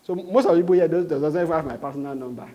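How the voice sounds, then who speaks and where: A man's voice: a little high, very fast, muffled recording. A man with a Nigerian accent giving a live training talk, quizzing the room and repeating his points. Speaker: sales trainer.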